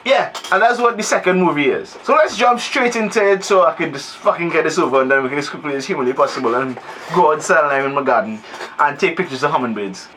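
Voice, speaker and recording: A man's voice: a little high, fast talker, pushed and bright, slight background noise, rough recording. A man in his thirties giving a comedic, profane, exasperated movie review rant. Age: 30s.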